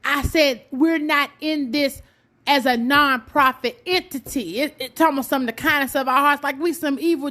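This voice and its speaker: High-voiced mom playfully scolding. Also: female voice, moderate pace, sharp tone. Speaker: podcast host and mother. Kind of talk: bantering with her son.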